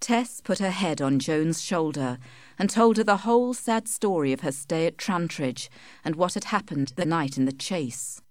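A woman reading a classic tale aloud, measured and steady, with a lowish voice that rises and falls a lot. The sound is dry and close, with no room echo. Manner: measured, storytelling. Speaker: audiobook narrator. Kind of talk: scripted narration of a simplified classic.

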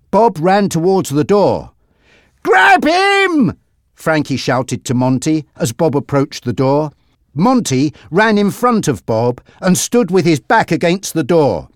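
Slow, expressive storybook narrator. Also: mid-range voice, no room sound, studio quality. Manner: deliberate, expressive. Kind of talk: slow dramatic storybook reading.

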